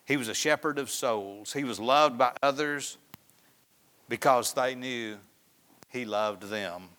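A man preaching a sermon in a folksy storytelling way, often dropping to soft, hushed tones. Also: medium pitch, takes it slowly. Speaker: pastor.

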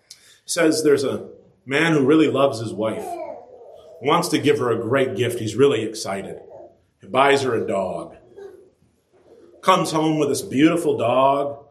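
A man preaching a sermon, lively and animated, acting out quoted voices with his pitch climbing high. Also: slight background noise. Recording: echoey room.

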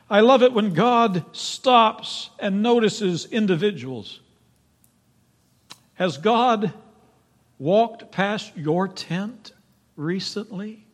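A man preaching a sermon in a church, emphatic, swinging from loud pleading to hushed, quiet tones. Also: sits high. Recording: long reverb of a large hall.

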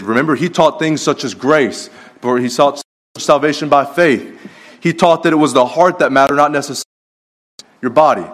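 A man preaching a sermon in a conversational way, telling stories and restarting his sentences. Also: fairly high pitch. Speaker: pastor.

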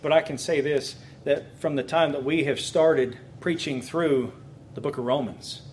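A man, a pastor, giving a teaching talk on preaching in a lively, conversational way, with bursts of excitement. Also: fairly high pitch, slight background noise.

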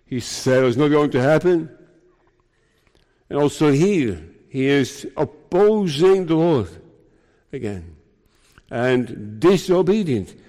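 A man preaching a sermon in a slow, emphatic way, raising his pitch to stress his points. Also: expressive, warm tone. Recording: long hall reverb.

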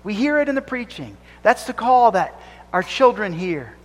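A man's voice: high-pitched, very animated, normal speed. A man preaching a sermon as pastor, fervent and emphatic, rising and falling as he drives points home. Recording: long reverb of a church hall.

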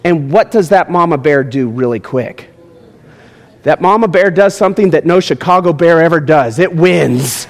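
Male preacher, high voice, very animated delivery, long hall reverb. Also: moderate pace. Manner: animated preaching, swinging from low asides to shouted points. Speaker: pastor. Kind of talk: sermon.

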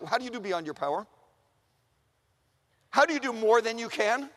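A man preaching a sermon in an animated way, asking the room questions and acting out the voices he quotes. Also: extremely high pitch, moderate pace. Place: large chapel. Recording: long reverb of a large chapel.

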